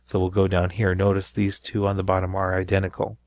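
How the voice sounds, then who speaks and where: A man's voice: low voice, monotone, brisk, a little mellow. A man teaching a recorded Spanish grammar lesson, explaining step by step and checking in with frequent "right?".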